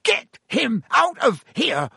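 A man reading aloud voices an excitable, impatient teenage boy who talks loudly and boisterously. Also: high-pitched, measured pace, breathy edge, no echo, clean studio sound, pitched above the performer's own voice, exaggerated voice. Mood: excited.

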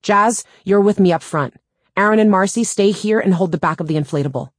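A woman voicing a brisk woman rescue team leader giving crisp commanding orders. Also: medium pitch, no room sound, clean studio sound, voice pushed up, natural voice.

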